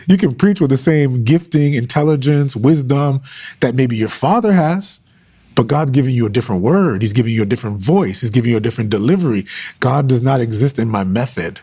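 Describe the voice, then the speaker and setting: A man's voice: medium pitch, lively intonation, normal speed, darkish tone, husky. A man preaching with fervor on a livestream, driving his points home by repeating phrases. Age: adult with sons. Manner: fervent, repeating phrases for emphasis.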